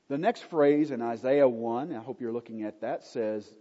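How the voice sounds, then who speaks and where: A man's voice: medium pitch, normal speed, warm tone. A man teaching from the Bible in an emphatic way, often asking his listeners rhetorical questions. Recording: dull, lo-fi recording in an echoey hall.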